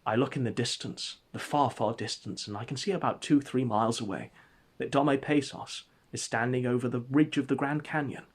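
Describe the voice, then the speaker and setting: A man narrating an absurd comic story in a deadpan, mock-epic way. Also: mid-range voice, normal speed, slightly rough. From England.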